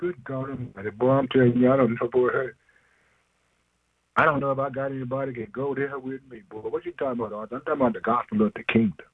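A man's voice: medium pitch, fairly even intonation, fast, no room sound, phone-quality sound. A man preaching an informal sermon, emphatic and slangy, asking questions and answering them himself, chuckling often.

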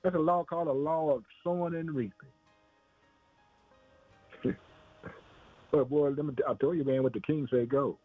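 A man's voice: on the high side, fairly even intonation, moderate pace, long pauses, breathy edge, no echo, soft background music. A man preaching informally, repeating himself and calling the listener "man" and "boy". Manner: repetitive, conversational, calls listener "man" and "boy". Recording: tinny phone-line sound, dry.

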